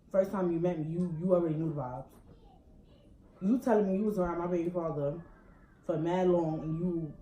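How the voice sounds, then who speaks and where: A young woman, telling a heated story on a casual couple vlog, ranting in quick slang. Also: fairly low pitch, warm tone. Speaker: couple vlogger. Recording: echoey room with background noise.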